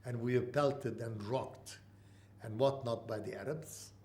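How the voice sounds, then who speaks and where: A man in his eighties from Mandatory Palestine, telling an oral history in halting speech with many pauses. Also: medium pitch, fairly even intonation, warm tone. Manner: halting, with frequent uh pauses and restarts. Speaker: interviewee.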